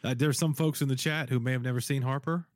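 Animated rambling male podcast host. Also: medium pitch, quick pace, no room sound. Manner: animated, rambling, frequent fillers and restarts. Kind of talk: casual chat.

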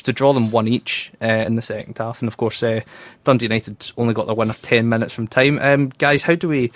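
A man's voice: medium pitch, fairly even intonation, a little fast, no room sound. A Scottish man hosts a chatty football podcast with a middling voice. He keeps tripping over his words and pokes fun at himself as he goes. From Scotland. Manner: stumbles over words, self-mocking. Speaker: podcast host. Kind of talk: casual chat.

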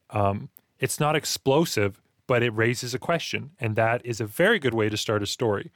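A man co-hosting a casual talk about writing, animated and acting out reactions in quick quoted asides. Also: medium pitch, no echo, clean studio sound. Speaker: podcast co-host discussing writing. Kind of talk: casual chat.

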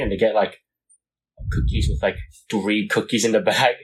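A man's voice: lowish voice, fast, breathy edge, poor audio. A young man in casual chat, rambling with many fillers and laughs.

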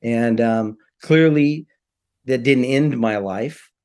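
A man's voice: mid-range voice, slow pace, smooth. A man telling a personal story in casual conversation, acting out the quoted voices of the people in it. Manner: animated, acts out quoted voices.

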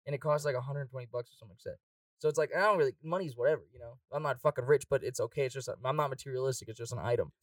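A young man telling a party story in casual chat, profane and quick, laughing often and acting out quotes. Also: medium pitch, no room sound, far from the mic.

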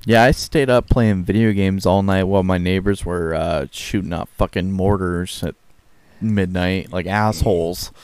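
A man's voice: sits low, steady tone, normal speed, darkish tone, smooth, dry recording. A young man co-hosting a podcast in casual chat, joking crudely, swearing freely and laughing often. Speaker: podcast co-host.

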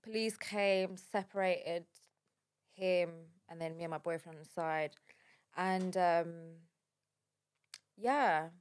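A woman telling a personal story in a halting, shaken way, with many fillers. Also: lowish voice. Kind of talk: casual spoken account.

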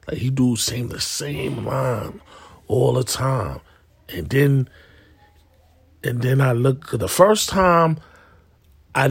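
A man hosting a podcast, talking loosely in slang and acting out quoted people in animated voices. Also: medium pitch, breathy edge, dry recording. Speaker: podcast host. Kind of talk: casual monologue.

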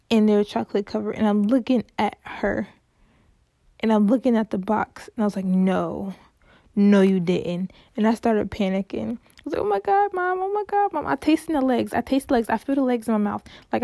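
A woman's voice: mid-range voice, gravelly, warm tone, no room sound, clean studio sound. A young woman telling a story in a casual, chatty way, full of "like" fillers and dramatic exclamations. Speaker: podcast host.

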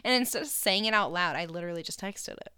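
A young married woman co-hosting a casual chat, talking freely and often dropping to a quiet aside. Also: lowish voice, fast talker, clean tone, no echo, studio quality. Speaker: podcast co-host.

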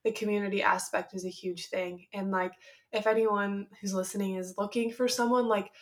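A woman at a mid pitch talks about faith in a relaxed conversation. She speaks softly and rambles, with plenty of "um" and "like" along the way. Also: normal speed. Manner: soft-spoken, rambling, many fillers.

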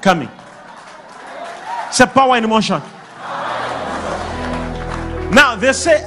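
Male preacher, high and lively voice, animated delivery with sudden shouts and call-and-response. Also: moderate pace, music in the background, crowd noise. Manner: animated, bursts into shouts and laughter.

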